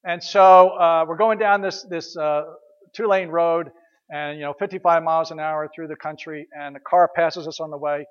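Guy preaching, kinda high voice, chatty storytelling sermon, repeats himself, muffled church recording. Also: fairly even intonation, normal speed, smooth. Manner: conversational storytelling, repeats words, rhetorical questions. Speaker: pastor.

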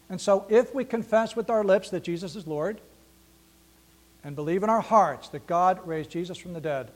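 A man with a high-pitched voice reads scripture and preaches to his congregation. His delivery is earnest and emphatic, and he returns again and again to his key lines. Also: normal speed. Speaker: pastor. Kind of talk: scripture reading and sermon.

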